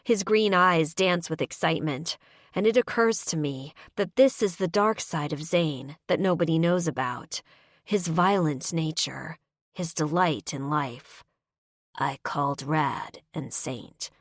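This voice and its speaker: A woman's voice: sits low, unhurried, no echo, studio quality. A woman narrating a romance audiobook in the first person, emotive, voicing both characters' dialogue.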